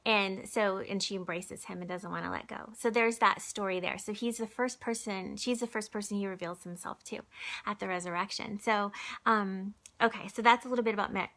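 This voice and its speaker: A woman giving a gentle, conversational devotional talk and reading aloud from a book for a recorded church video, with many fillers and restarts, sometimes dropping to a soft whisper. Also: mid-range voice, steady tone, a little fast. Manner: drops to a soft whisper at times.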